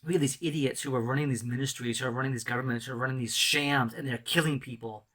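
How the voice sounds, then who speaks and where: A man's voice: mid-range voice, fairly even intonation, quick pace, fairly bright tone. A man in ministry giving an impassioned, rambling testimony sermon full of restarts and emotional outbursts. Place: island mission.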